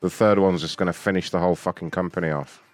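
A man rants and mocks in profane prank-call banter, swearing nearly every sentence. His voice sits on the low side and sounds dry and close. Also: fairly even intonation, fast talker, no room sound, soft background music. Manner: swearing, mocking, laughing. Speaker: prank caller.

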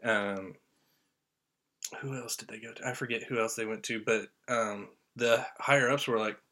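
A man from Indiana co-hosting a podcast, chatting casually and excitedly, rambling as a fan. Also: medium pitch, normal speed. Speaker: podcast co-host. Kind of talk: casual chat.

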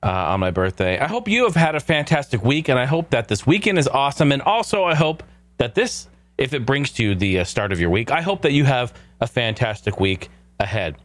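A man's voice: medium pitch, big pitch swings, fairly quick, a bit bright. A man hosting his own podcast in a casual, jokey way, swearing now and then. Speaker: podcast host.

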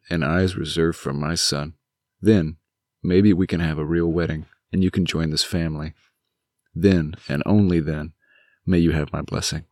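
A man voicing an older father of the groom with a baritone voice, stern but pleading as he lays down firm commands. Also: a little mellow, no echo, clean studio sound. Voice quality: booming baritone.

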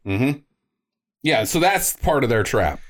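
Jokey male podcast co-host retelling a film plot, with a very animated, up-and-down delivery. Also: medium pitch, measured pace. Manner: jokey, recaps plots by acting out lines. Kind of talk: casual movie recap chat.

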